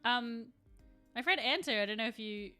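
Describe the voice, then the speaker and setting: Bright-voiced woman streaming. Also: fairly high pitch, lively intonation, normal speed, clean tone, soft background music. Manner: chatty and rambling, answering chat while she works. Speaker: live streamer painting miniatures. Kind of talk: casual live-stream chat.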